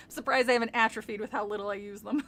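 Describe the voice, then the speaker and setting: A woman's voice: on the high side, fairly bright tone. A young woman casually reading a spooky kids' book aloud on a stream, chatting and giggling often. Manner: giggly, breaks into laughter often. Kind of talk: casual read-aloud with chat.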